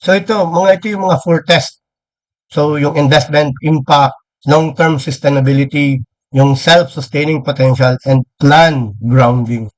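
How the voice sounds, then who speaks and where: Filipino man lecturing in Taglish, higher voice. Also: fairly even intonation, moderate pace, rough recording. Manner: reads slides aloud then explains in Taglish. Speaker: lecturer on local government finance. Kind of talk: training lecture mixing English and Filipino.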